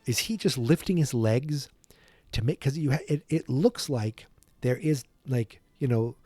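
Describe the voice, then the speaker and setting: A man's voice: medium pitch, a little slow, a little mellow, no room sound. A man hosting a podcast, casually retelling a film from memory in a rambling way. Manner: rambling, full of restarts and impressions. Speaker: podcast host.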